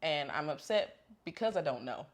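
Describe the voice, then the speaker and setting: A woman co-hosting a podcast, telling a candid, animated story about her faith in casual chat. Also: sits low, moderate pace. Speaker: podcast co-host.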